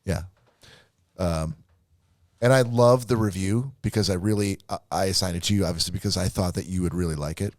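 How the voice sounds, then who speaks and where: Lower-voiced man teasing a co-host. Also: a little fast, no room sound, studio quality. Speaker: podcast co-host. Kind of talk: casual chat.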